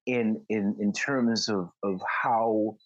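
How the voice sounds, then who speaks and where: A man co-hosting a podcast in casual chat, speaking haltingly and repeating words as he thinks. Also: on the low side, fairly even intonation, no room sound, lo-fi sound. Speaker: podcast co-host.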